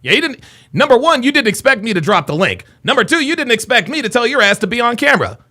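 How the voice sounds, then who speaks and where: A man's voice: very high voice, big pitch swings, fast, bright, forceful tone. A young man hosting a livestream, ranting and taunting viewers in a brash, repetitive way. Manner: brash, taunting, repeats himself. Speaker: livestream host. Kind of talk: heated livestream rant at chat.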